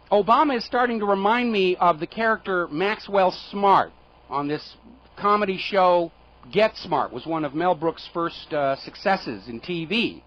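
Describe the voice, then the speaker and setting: A man's voice: sits high, measured pace, fairly bright tone. A man hosting a political talk radio show, sarcastic and indignant, jabbing with rhetorical questions. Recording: dull lo-fi radio recording.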